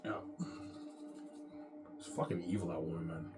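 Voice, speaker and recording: A man's voice: deep voice, flat delivery, moderate pace. A man in a rambling, repetitive monologue, boastful and profane, talking straight to his audience. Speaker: vlogger. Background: music.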